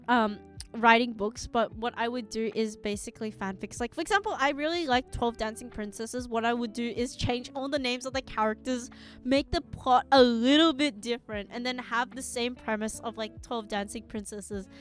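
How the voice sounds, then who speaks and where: A young woman streaming live, chatting casually to her viewers in a rambling way and giggling often. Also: fairly high pitch.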